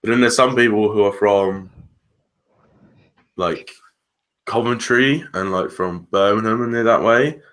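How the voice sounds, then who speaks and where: Low-voiced hesitant young man. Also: a little slow, pauses often, fairly bright tone. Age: young adult. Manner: hesitant, filler-heavy. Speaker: podcast co-host, student. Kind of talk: casual chat.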